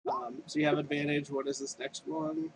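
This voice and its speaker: Guy dming a tabletop game, kinda high voice, laid back, lots of ums. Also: level tone, fairly quick, a little hiss or hum. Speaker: dungeon master.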